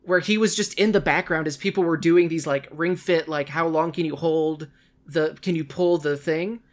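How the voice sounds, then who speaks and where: A man's voice: fairly high pitch, fairly even intonation, moderate pace. A man hosting a casual podcast, chatting animatedly, laughing often and acting out quotes. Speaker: podcast host.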